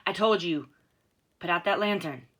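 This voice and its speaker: A woman's voice: deep voice, steady tone, moderate pace, husky. Woman voicing a curt, hissing riverman. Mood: snapping. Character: gruff, curt riverman, big and tense.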